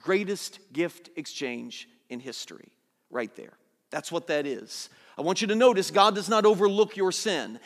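High-voiced man preaching in a reverberant hall. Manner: swings from soft, low lines to loud, urgent ones. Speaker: pastor. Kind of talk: sermon.

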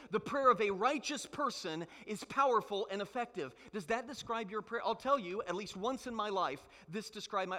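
A man's voice: sits high, sharp tone, long reverb tail. A man preaching a sermon as pastor, emphatic and full of rhetorical questions.

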